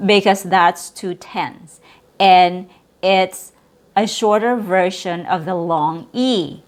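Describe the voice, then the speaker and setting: A woman teaching English pronunciation, repeating words slowly and drawing out each vowel. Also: fairly low pitch. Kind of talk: slow, careful pronunciation lesson.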